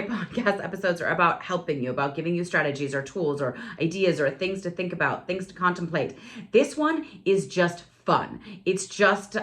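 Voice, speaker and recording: A woman's voice: fairly low pitch, a bit bright. A woman in her forties hosting her own podcast from her home office, chatting candidly and breaking into dramatic exclamations. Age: 40s. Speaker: podcast host. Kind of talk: casual solo podcast chat.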